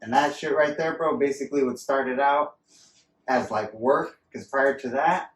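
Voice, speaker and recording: A man's voice: medium pitch, normal speed, recorded from a distance, a little hiss or hum. A man from Central California co-hosting a podcast, telling profane, rambling stories in a casual chat. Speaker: podcast co-host. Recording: roomy sound, voice away from mic, faint ambience.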